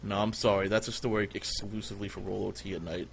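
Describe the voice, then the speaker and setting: Gravelly and fast, with a low, fairly even voice, this livestream host spins crude, comic tall tales over slight background noise. His storytelling rambles, is full of swearing, and bursts into loud impressions of other people.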